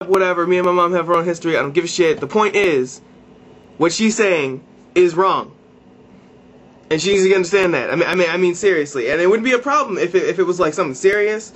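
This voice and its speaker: A man's voice: high-pitched, quick pace, a bit bright. A young man ranting to camera in a vlog, exasperated and profane, often repeating and restarting his phrases. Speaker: vlogger.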